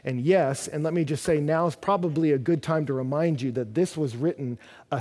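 High-voiced preacher in a reverberant hall. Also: male voice, a little fast. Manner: animated, rising to near-shouts at peaks. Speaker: pastor. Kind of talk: sermon.

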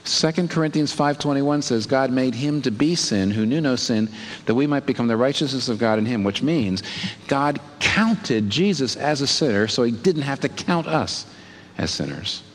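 A man preaching a sermon in an animated way, asking rhetorical questions and leaping up in pitch to stress a point. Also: normal speed. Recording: long hall reverb.

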